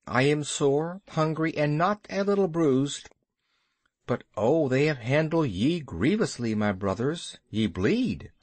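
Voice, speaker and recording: A man's voice: fairly high pitch, lively intonation, slow pace, darkish tone, no room sound. A man voicing an eager young boy raised in the jungle. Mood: concerned. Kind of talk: storybook character voice.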